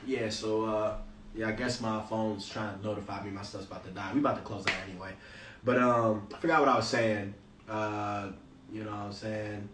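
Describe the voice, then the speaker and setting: A man's voice: fairly low pitch, steady tone, normal speed, a bit bright, a little hiss or hum. A man hosting a Bible study, reading scripture aloud and breaking off into loose, slangy commentary. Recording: roomy, distant from the mic.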